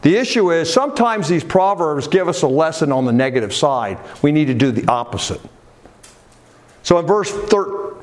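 A man preaching a sermon in a chatty, animated way. His voice sits fairly high and swings widely in pitch. He talks straight to his congregation with frequent asides.

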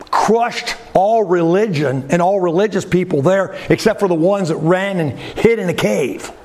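Slow, high-voiced preacher man. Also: darkish tone. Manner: deliberate, emphatic preaching with rhetorical questions; drops pitch sharply at the ends of phrases. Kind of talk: sermon.

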